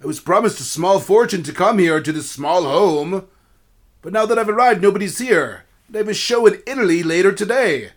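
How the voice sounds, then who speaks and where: A man's voice: high voice, animated, brisk, voice pushed up. Man doing a pompous opera singer, self-important, raised lifted voice, storybook. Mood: indignant.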